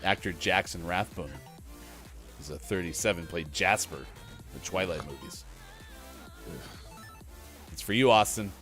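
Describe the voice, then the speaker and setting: A man's voice: deep voice, measured pace, pauses often, faint music behind. A man hosting a gaming morning show, reading birthdays and history with jokes. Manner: joking, reads from a rundown. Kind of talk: casual radio chat.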